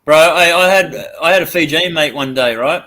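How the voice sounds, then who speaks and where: A relaxed Australian man talking casually with a bright, forceful voice sitting a little high. He rambles, restarts and fills gaps with easy slang. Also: normal speed. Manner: laid-back, rambling with fillers. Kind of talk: casual chat.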